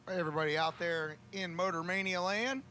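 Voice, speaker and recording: High bright-voiced drag race announcer. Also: male voice, slight background noise. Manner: joking, folksy, drawn-out calls. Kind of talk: drag racing commentary.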